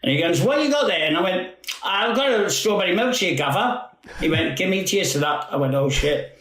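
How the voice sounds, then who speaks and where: A man's voice: sits high, a little fast, fairly bright tone, reverberant, slight background noise, poor audio. Geordie man telling laughing anecdotes. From North East England. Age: 50s. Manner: laughing, rambling anecdotes with acted quotes. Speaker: guest footballer. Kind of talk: storytelling anecdotes.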